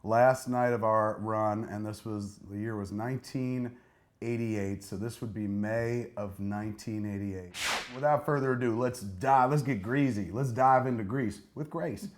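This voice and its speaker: A man's voice: lowish voice, a little slow. A man in his forties hosting, wryly and self-mockingly commenting on old footage. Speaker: host.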